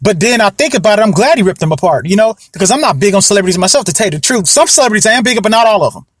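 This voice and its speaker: Young man, podcast host, high-pitched, repetitive, rambling, casual commentary. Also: expressive, racing, dry recording, clean studio sound. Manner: rambling, repeats himself, keeps saying you know what I mean.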